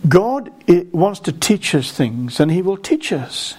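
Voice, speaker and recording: A man delivering a sermon with a slightly raised pitch. He talks earnestly, repeats words as he goes, and slows right down to lean on key phrases. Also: big pitch swings, a little mellow, breathy edge. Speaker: preacher.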